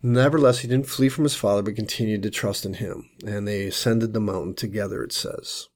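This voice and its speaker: A man's voice: on the low side, fairly even intonation, brisk, darkish tone. Earnest man teaching scripture. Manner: earnest, explanatory, with frequent restarts. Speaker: Messianic teacher. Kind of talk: Bible teaching sermon.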